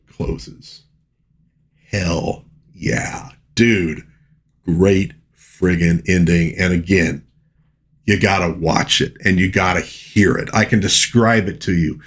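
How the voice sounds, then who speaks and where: A middle-aged man reviewing a film in an excited, casual way, full of slang as he recounts scenes. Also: low voice, slow pace, pauses often, breathy edge. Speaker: movie reviewer.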